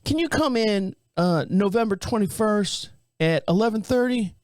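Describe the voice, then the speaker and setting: Man putting on a high, syrupy Southern receptionist. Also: expressive, a little mellow, no room sound, clean studio sound. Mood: sweet. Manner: calls everyone honey, drawn-out and folksy. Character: chatty sweet-talking female clinic receptionist.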